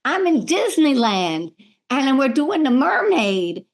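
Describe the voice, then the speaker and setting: A middle-aged woman, a medium, telling lively stories in a podcast interview and acting out the voices of the people in them. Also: sits high, a little slow. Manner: animated, acts out voices in her stories. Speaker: medium and spiritual healer, guest.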